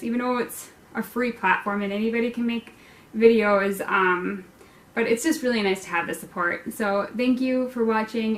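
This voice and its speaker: A woman hosting a painting tutorial, chatting warmly and rambling with plenty of ums. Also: a little high, roomy sound. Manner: bubbly, rambling with many ums. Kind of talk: casual chat to viewers.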